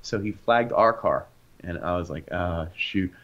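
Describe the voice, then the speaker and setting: A young man tells stories on a casual podcast, his low voice rising and falling as he acts out the people in them. The recording sounds dull and lo-fi. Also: normal speed. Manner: animated, acts out voices in anecdotes. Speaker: podcast co-host. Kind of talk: casual storytelling chat.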